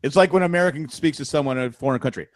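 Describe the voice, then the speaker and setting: A man hosting a podcast, teasing his co-hosts loudly in casual banter. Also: fairly high pitch, racing, no room sound, studio quality. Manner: loud, teasing, joking. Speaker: podcast host.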